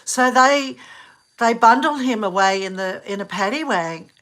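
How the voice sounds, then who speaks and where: A middle-aged woman from Australia chatting casually in a rambling, animated way, laughing often and restarting her sentences. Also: fairly high pitch, measured pace. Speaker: vlogger. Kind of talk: casual chat.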